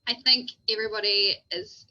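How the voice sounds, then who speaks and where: A young woman from New Zealand hosting a podcast, chatting casually, animated and swearing freely. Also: mid-range voice, fairly quick, lo-fi sound. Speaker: podcast host. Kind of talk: casual chat.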